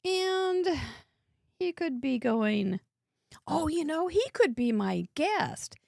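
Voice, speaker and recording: A bubbly woman hosts a live crafting show, chatting and laughing as she works. Her high voice swoops up and down with a gravelly fry underneath. The sound is close and dry. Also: very animated, slow pace, a little mellow, dry recording. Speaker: host. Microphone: headset earbud.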